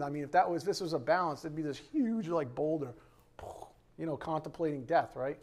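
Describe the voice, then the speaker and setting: Speaking fairly fast in a fairly high voice, a man teaches a Bible lesson in a relaxed, conversational way. He often checks in with listeners by asking "right?"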